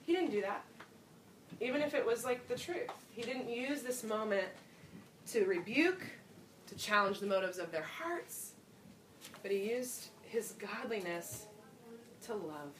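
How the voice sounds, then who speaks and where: Slow, reflective woman preaching from afar. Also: mid-range voice, lively intonation, a little hiss or hum. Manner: reflective, personal, with soft laughs. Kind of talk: sermon. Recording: roomy sound from a distant mic, faint ambience.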